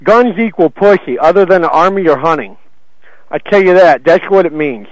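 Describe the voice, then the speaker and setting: A man with a high voice taunts and swears through a prank phone call. The sound is dry and close. He keeps picking a fight and sneering at every answer. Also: animated, moderate pace, no room sound. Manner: belligerent, taunting, swears a lot. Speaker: prank caller. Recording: muffled phone call recording.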